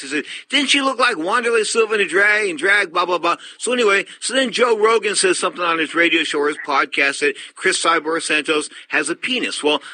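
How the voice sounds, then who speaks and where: A man's voice: fairly high pitch, pushed and bright. A man hosting a sports radio show, talking bluntly and emphatically and repeating his points. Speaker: radio host. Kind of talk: opinionated sports radio talk.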